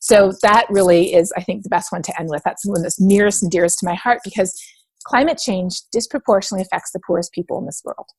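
A woman's voice: medium pitch, quick pace, husky, dry recording. A woman from Canada in an interview, telling stories animatedly and acting out what others said. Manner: animated storytelling, acts out quoted voices. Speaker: interview guest. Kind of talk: casual interview talk.

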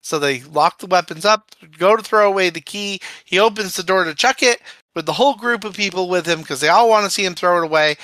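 A podcast co-host recapping a movie in casual chat, telling the plot with animated quoted lines. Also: mid-range voice, dry recording, low-quality recording. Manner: lively storyteller, acts out quotes.

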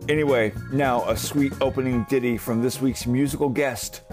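A man with a mid-range voice hosts the show in a dry, wisecracking way. Guitar music plays clearly under his words. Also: mid-range voice, steady tone, normal speed. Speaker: show host. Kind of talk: scripted show narration.

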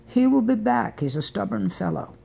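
Audiobook: a romantic older Italian man, affectionate and teasing, soft husky tone as a woman reader puts him on. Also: medium pitch, expressive, normal speed, voice pushed up, exaggerated voice. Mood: tender.

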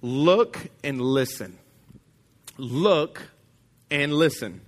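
A man's voice: mid-range voice, animated, drawn-out words. A man pastor preaching a sermon to his congregation in an emphatic, casual and plain-spoken way.

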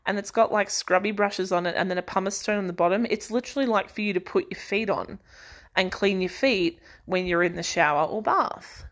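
A woman's voice: mid-range voice, fairly quick. Aussie girl chatting away on her podcast, rambly and giggly. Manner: chatty, rambling, laughs and sighs often. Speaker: podcast host. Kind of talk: casual chat.

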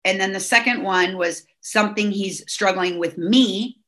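A woman's voice: mid-range voice, normal speed, a bit bright. A middle-aged woman from Southern California, a guest on a podcast, talking in a chatty way full of fillers and restarts. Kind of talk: casual podcast chat.

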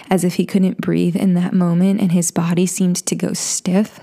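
A woman telling a personal story in a soft, confessional way, often dropping into a whisper and restarting her sentences. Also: lowish voice, level tone, a little slow, vocal fry, husky. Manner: frequent restarts and stammers.

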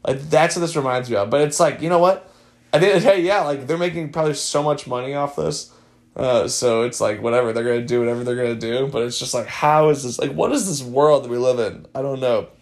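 Young male podcast host, casual and rambling, wry asides, mid-pitched voice. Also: quick pace. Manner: rambling, filler-heavy, wry. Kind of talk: casual chat.

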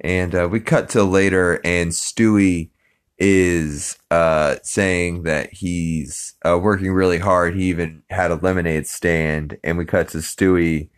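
Male podcast host, deep voice, casual rambling recap full of fillers. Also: fairly even intonation, takes it slowly, clear, resonant tone.

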